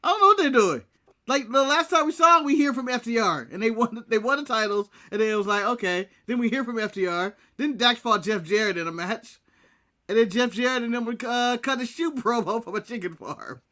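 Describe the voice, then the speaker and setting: Man, american, high voice, bright tone, blunt wrestling recap banter, laughs a lot. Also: a little fast. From United States. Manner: blunt, laughs often, mimics wrestlers in quotes. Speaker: podcast co-host. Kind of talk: casual wrestling recap chat.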